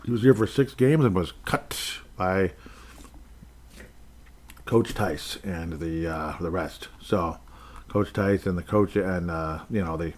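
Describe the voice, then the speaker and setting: A man talking through a solo sports podcast in a casual, rambling way. His voice sits on the low side, and he keeps stopping to correct himself. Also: takes it slowly, a little hiss or hum. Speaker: podcast host.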